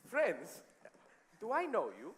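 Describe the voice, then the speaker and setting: A man's voice: high voice, wildly swooping pitch, takes it slowly, a little hiss or hum, heavily acted. An actor playing a polite, reserved young immigrant man. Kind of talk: musical theatre acting.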